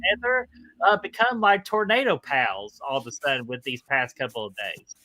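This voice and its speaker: Upbeat bright-voiced man hosting a stream. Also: mid-range voice, very animated, normal speed. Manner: upbeat, greets chat viewers by name. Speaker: co-host of a movie watch party stream. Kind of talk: casual live stream chat.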